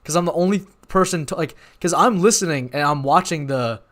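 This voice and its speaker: A young man hosting a live watch party, talking in a rambling, excitable way and often apologizing. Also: on the high side, fairly quick. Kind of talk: live-stream reaction chat.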